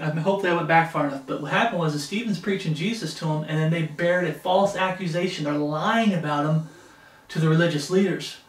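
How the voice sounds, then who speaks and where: A man's voice: fairly high pitch, reverberant, distant mic, low-quality recording. A man preaching a sermon, reading Bible passages aloud and breaking off into impassioned plain-spoken asides. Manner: reads scripture in King James wording, breaks off into impassioned asides.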